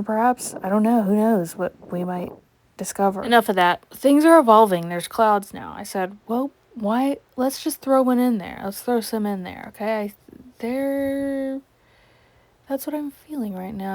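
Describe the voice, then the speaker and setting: A woman's voice: mid-range voice, darkish tone, no room sound. A young woman vlogging while she paints in her yard, chatting playfully to herself with sudden whispered asides. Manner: rambling, playful, self-talking with sudden whispers. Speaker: art vlogger. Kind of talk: casual chat while painting outdoors. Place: backyard, outdoors.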